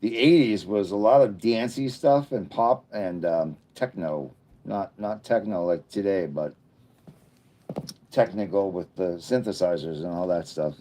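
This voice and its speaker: Deep, mellow-voiced man in his fifties. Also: a little slow. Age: 50s. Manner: rambling, jokey asides. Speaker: livestream host. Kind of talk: casual livestream chat, reading comments.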